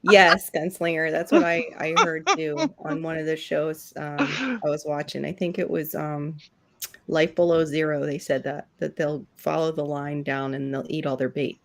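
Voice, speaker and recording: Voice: medium pitch, fairly even intonation, normal speed, gravelly, fairly bright tone. A speaker chatting casually, recounting things seen on shows and trailing off. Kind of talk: casual chat.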